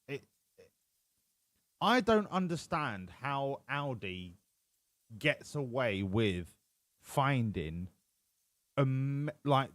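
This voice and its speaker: A man's voice: medium pitch, dry recording, clean studio sound. A man live-streaming a racing game, chatting in a profane, rambling way. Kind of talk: casual live-stream commentary. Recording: with game music behind.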